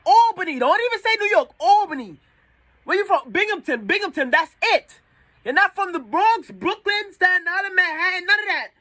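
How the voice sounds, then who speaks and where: Blunt, high-voiced woman ranting. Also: lively intonation, normal speed, pushed and bright. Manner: emphatic, blunt, slangy. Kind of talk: ranting social media clip.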